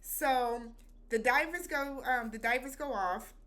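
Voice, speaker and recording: A woman's voice: high voice, measured pace, fairly bright tone. A woman recapping a TV episode in a loose, chatty way, with slangy phrasing and lots of filler words. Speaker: TV show reviewer.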